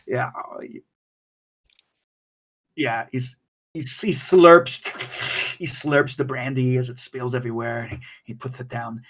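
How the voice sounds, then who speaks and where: A man narrating as game master of a tabletop game, in a halting way with many fillers and restarts. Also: medium pitch, fairly even intonation, a bit bright, poor audio.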